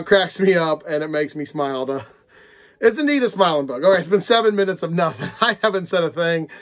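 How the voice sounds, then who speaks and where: Tired, rambling man reviewing a book. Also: on the high side. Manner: rambling, easily breaks into giggles. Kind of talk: casual unedited video review.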